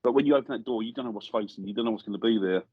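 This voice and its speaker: A man, a guest paranormal investigator, telling a lively story in casual chat and acting out the voices he quotes. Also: on the low side, very fast, husky, no echo, narrow, tinny audio. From England. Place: studio.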